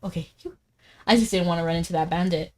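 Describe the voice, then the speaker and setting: A woman game streamer chatting casually as she plays, talking fast, laughing often and saying "like" a lot. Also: lowish voice, darkish tone. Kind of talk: casual live-stream chat while gaming.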